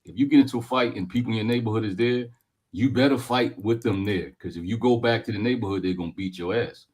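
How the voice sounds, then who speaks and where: A man in his forties from Newark speaks bluntly on a casual chat panel, peppering his talk with street slang and jokes. His voice is low and husky. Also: fast, darkish tone. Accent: Newark, New Jersey. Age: 40s. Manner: street-talking, blunt, joking. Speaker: panel guest.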